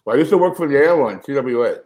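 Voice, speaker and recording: A man's voice: mid-range voice, very fast, poor audio. A middle-aged man, a comedian, telling a story in an interview and acting out the voices he quotes. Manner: animated, acts out quotes. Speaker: comedian guest. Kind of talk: storytelling anecdote.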